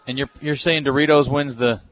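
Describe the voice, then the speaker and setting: A man's voice: mid-range voice, steady tone, brisk, fairly bright tone. A man hosting a radio show, joking and easygoing as he steers the segment. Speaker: radio host. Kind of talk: casual radio banter.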